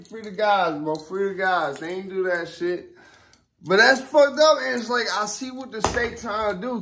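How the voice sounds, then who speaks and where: A young man vlogging to camera rants loosely and rambles in a noticeably high, slightly bright voice. He relies heavily on profane street slang along with nonstop fillers and restarts, growing heated and emphatic as he vents.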